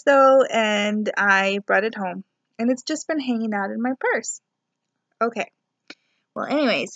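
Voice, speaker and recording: A woman's voice: medium pitch, creaky, fairly bright tone, dry recording, dull audio. A young woman telling a rambling personal story to camera, chatty and full of fillers and asides. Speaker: spiritual vlogger, student. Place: her apartment.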